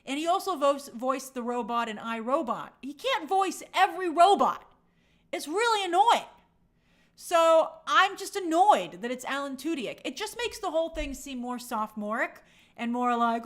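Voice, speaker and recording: Middle-aged woman, trailer-review host, high lively voice, chatty and opinionated. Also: normal speed. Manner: chatty and opinionated, with lots of fillers and mock quotes. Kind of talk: casual trailer breakdown commentary.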